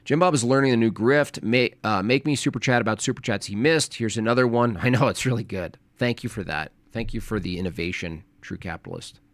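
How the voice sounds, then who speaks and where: A man's voice: fairly low pitch, brisk, hardly any pauses, no room sound. A man hosting a live stream, reacting to a debate clip in casual chat with a mocking, sarcastic manner.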